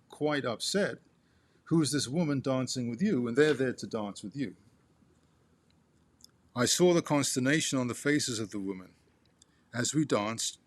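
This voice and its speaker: A man reading a memoir aloud to his father, halting with restarts and turning asides to the listener as "you". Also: medium pitch.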